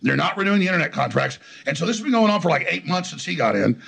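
A middle-aged man telling stories in an interview, talking fast and combatively with frequent restarts and repeated words. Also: on the high side, sing-song, creaky, a bit bright, husky. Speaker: interview guest. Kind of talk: heated conversational storytelling.

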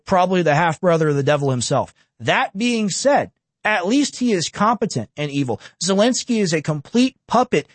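A man hosting a political reaction show who pauses clips to rant sarcastically. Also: sits high, no echo. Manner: sarcastic, ranting. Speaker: host.

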